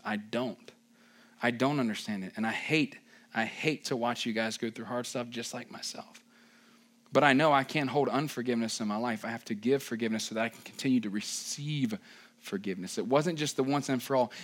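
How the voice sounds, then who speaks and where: A man, a pastor, preaching a sermon who swings from raised, emphatic lines to quiet, low ones. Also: fairly even intonation, moderate pace.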